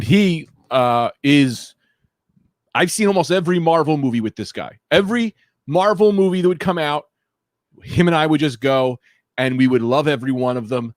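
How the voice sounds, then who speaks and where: A man hosting his podcast in casual chat, loud and profane, swinging between hyped shouting and low mumbling. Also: no echo, clean studio sound. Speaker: podcast host.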